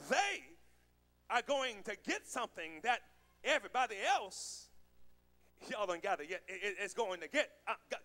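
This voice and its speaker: A man pastor preaching a sermon, joking with the congregation and building to shouted calls. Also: high-pitched. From United States. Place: church sanctuary with congregation.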